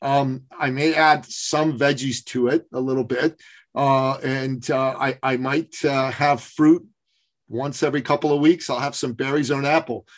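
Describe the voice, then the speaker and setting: A man's voice: medium pitch, steady tone, moderate pace. Earnest man in his fifties hosting. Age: 50s. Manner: earnest, frequent uh fillers. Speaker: podcast host. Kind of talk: casual interview chat.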